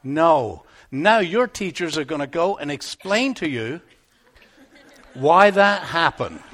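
A man's voice: a little high, a little slow. A male pastor in a church, telling children a Bible story and asking them questions. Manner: animated, asks the children questions.

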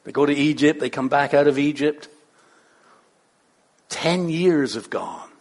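Male pastor, high voice, playful, conversational sermon with rhetorical questions. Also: unhurried.

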